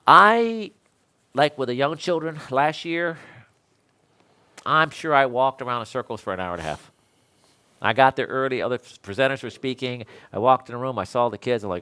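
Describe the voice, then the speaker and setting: A man's voice: mid-range voice, a bit bright. Chatty older man telling stories as an instructor. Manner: rambling, self-deprecating storyteller who laughs often. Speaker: electrical code instructor. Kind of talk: casual talk to fellow instructors.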